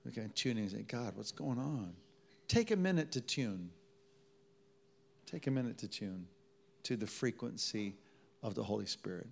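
A man's voice: lowish voice, creaky. A man preaching a sermon to a live congregation, telling stories in a conversational way and calling on the audience to respond. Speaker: pastor.

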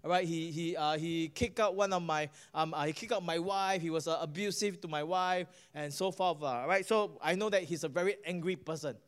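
A man's voice: fairly high pitch, a little fast, hardly any pauses, clean tone. A middle-aged man with a Singaporean English accent preaching a sermon and telling a testimony, often asking the audience "right?" and "guess what?".

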